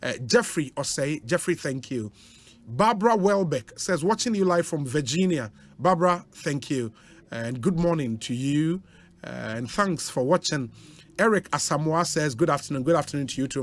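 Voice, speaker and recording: Speaking with a Ghanaian accent, this male radio host chats his way through listener greetings, adding interjections between names. He sounds a little high.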